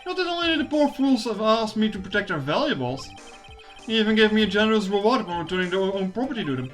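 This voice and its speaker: A streamer voicing a pompous, gloating male gentleman detective from a visual novel game, reading the dialogue aloud with theatrical, drawn-out greetings. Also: medium pitch, sing-song, faint music behind, natural voice. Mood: smug.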